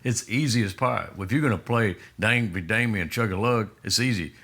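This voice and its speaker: Deep-voiced man telling a rambling story. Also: pushed and bright. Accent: Texas. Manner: rambling, halting storyteller with many restarts. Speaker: musician guest. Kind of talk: storytelling in a casual interview.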